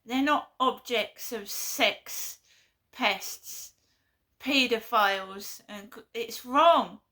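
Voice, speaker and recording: Slow-talking, bright-voiced woman. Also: fairly high pitch. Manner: blunt, earnest, repeats herself. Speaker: vlogger. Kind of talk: impassioned monologue.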